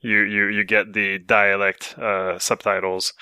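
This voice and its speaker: Bright-voiced man in halting podcast chat. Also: on the low side, little pitch movement, smooth, no room sound, studio quality. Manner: halting, many fillers like "you know, like". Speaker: podcast co-host. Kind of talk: casual chat.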